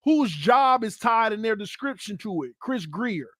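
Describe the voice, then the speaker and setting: A man hosting a sports fan channel, talking in a casual, animated, teasing way and breaking into loud excited hollering. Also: sits high, measured pace, no echo, clean studio sound. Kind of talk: casual fan commentary vlog.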